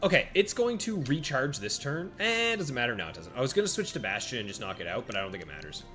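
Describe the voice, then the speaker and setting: A man giving casual live-stream commentary while playing a monster-battle game, chatting with viewers by name and reacting out loud to each turn. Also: medium pitch, very animated, fast talker. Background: faint game music.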